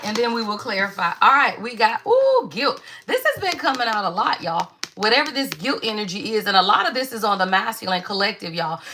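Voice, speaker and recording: A woman's voice: mid-range voice, sharp tone. A woman giving a casual spiritual card reading, chatty and emphatic, often saying "y'all".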